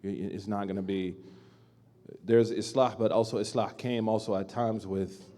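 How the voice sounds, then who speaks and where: A man on a panel answering a question in a measured way, with fillers and restarts. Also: lowish voice, steady tone, dark tone.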